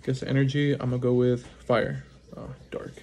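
Quick-talking man opening card packs. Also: medium pitch. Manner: rattles off card names quickly, brief excited reactions. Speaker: card-opening channel host. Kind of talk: casual commentary while opening card packs. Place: at home at a small table.

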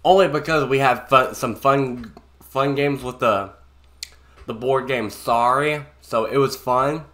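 A man giving casual, swearing, halting reaction commentary. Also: mid-range voice, a bit bright. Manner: laid-back, swearing, halting. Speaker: reaction video host.

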